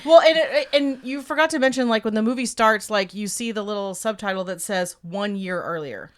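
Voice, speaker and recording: A woman's voice: a little high, a little fast. A woman co-hosting a podcast, chatting about a movie with jokey asides and sarcastic remarks. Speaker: podcast co-host. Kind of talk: casual movie recap chat.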